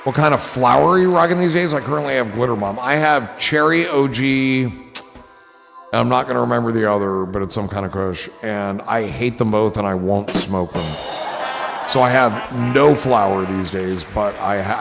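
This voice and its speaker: A gravelly man chatting loosely on his live stream, swearing freely and spinning rambling stories. His voice rings with a long reverb, and music plays softly behind him. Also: on the low side. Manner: profane, rambling storyteller, gets excited. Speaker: streamer host. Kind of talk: casual live-stream chat.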